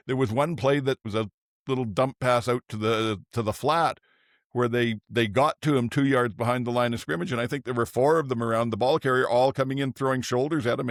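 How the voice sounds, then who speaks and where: Older male podcast host, relaxed and rambling, mid-pitched voice, dry close sound. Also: no echo. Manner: relaxed, thinks aloud with restarts. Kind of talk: casual sports chat.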